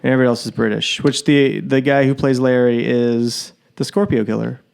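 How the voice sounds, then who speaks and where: A man's voice: medium pitch, steady tone, vocal fry, a little mellow, clean tone, faint music behind. A man co-hosting a comedy podcast about a horror film, chatting casually and acting out characters' lines in little voices. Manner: laid-back, quick to quote characters in little voices. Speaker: podcast co-host.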